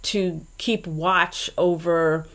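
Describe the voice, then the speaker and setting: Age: unknown. Sex: woman. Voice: low-pitched, chatty podcast co-host. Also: steady tone, drawn-out words, fairly bright tone. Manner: chatty, reads quotes aloud, trails into asides. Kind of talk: casual podcast chat.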